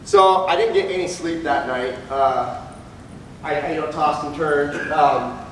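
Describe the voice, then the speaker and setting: A police officer gives a candid personal testimony to an audience, his voice a little high and a little slow, and he acts out the people he quotes. The recording has an echoey hall sound, with him far from the mic, faint ambience and slight background noise.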